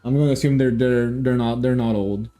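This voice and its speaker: A man's voice: medium pitch, fairly even intonation, brisk, dark tone, soft background music. A man giving casual commentary on a story game as a streamer, rambling with lots of restarts and joking asides.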